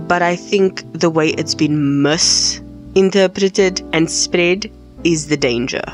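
A young woman hosts her own podcast and rants with emphatic, exasperated force. Her voice sits a little low for a woman. Faint music plays softly behind her. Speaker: podcast host. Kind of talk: solo podcast rant.

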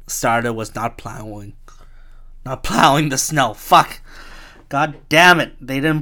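A man's voice: mid-range voice, bright, forceful tone. Rambling, profane young man. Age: 20s. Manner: chuckling, profane, self-mocking. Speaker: podcast host. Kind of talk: rambling solo podcast rant.

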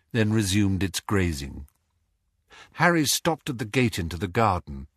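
A man narrating an audiobook in an expressive storytelling style. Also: fairly low pitch, dry recording, clean studio sound. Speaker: audiobook reader. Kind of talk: scripted narration.

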